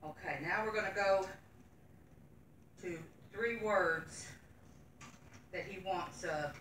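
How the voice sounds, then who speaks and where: Speaking slowly at medium pitch with a fairly bright tone, this middle-aged woman leads a Sunday school lesson and reads from scripture, earnest and folksy. She's picked up from far off in an echoey church room with slight background noise.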